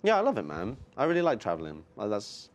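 An English man with a low voice talks in an easygoing way, full of little laughs and "man" at the end of his phrases. He sounds like a musician guest answering a podcast host's questions. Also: huge pitch swings, quick pace. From near London, England. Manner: laid-back, laughs often, ends phrases with "man". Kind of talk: casual interview chat. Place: music venue in Las Vegas.

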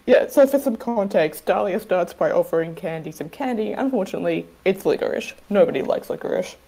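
A woman's voice: mid-range voice, animated, fairly quick, mellow, poor audio. A woman co-hosting a casual podcast, dry and wry, who swears casually while recapping a wrestling match. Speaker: podcast co-host. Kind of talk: casual chat reviewing wrestling.

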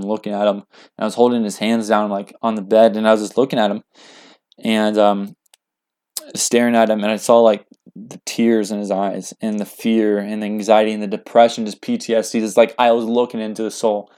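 A young man telling a personal story in casual speech, earnest and halting, with lots of fillers. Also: on the low side, darkish tone, clean tone. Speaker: guest.

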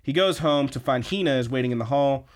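A man's voice: medium pitch, fast talker. A man hosting a podcast, casually retelling anime episodes with lots of fillers. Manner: rambling, filler-heavy retelling with quoted lines. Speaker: podcast host. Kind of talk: casual anime recap chat.

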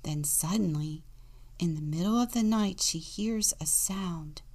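Slow gravelly woman reading a storybook. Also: lowish voice, darkish tone. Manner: storytelling, dropping to a whisper for suspense; acts out sound words. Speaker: deacon. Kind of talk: reading a children's picture book aloud.

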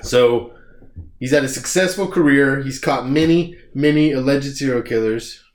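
A man's voice: mid-range voice, moderate pace. A man co-hosting a casual comedy podcast, acting out scenes in silly voices and laughing often. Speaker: podcast co-host. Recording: echoey room with background noise.

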